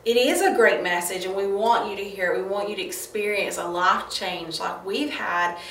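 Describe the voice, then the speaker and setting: A woman co-hosting a church ministry talk show, speaking in a measured, encouraging way. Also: mid-range voice, a bit bright. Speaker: co-host. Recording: roomy, distant, faint background noise.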